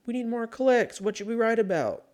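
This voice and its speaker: A man voicing an imagined web writer hunting for clicks, eager and over-excited. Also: very high voice, normal speed, pitched above the performer's own voice.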